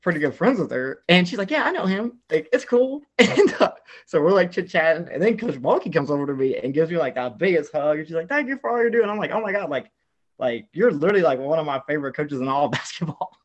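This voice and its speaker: A young man from the American South telling an excited story in casual chat, filling his talk with "like" and acting out what people said. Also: on the high side, quick pace, highs cut off. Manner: excitable storyteller, heavy "like" filler, acts out quotes. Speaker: guest telling a travel story.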